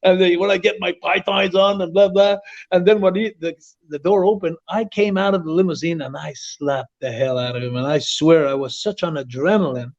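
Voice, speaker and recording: Animated high-voiced man telling stories. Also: fairly quick, creaky. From Quebec, Canada. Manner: animated storyteller, repeats and restarts words, laughs often. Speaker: interview guest, former wrestler. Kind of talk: casual storytelling interview. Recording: dull lo-fi audio.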